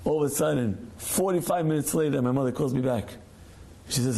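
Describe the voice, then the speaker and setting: A man, a rabbi, giving a Torah class as a lively storyteller who acts out the voices of people in his stories. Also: medium pitch, fairly quick, vocal fry.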